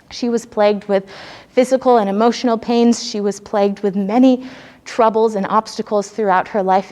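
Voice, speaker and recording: A woman's voice: mid-range voice, dark tone. A woman telling a story during a spiritual talk, earnest and searching for words as she speaks. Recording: long hall reverb.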